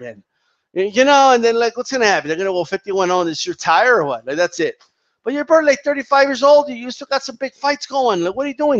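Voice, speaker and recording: A man with a high-pitched voice rants quickly through heated, profane boxing commentary, restarting his sentences often. The audio is dull, and the clip plays like a ranting commentary vlog.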